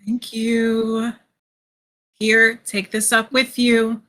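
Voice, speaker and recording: A woman's voice: on the high side, completely flat delivery, very slow, fairly bright tone. A woman playing a tabletop game, talking earnestly in character and explaining herself at length. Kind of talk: in-character role-play chat.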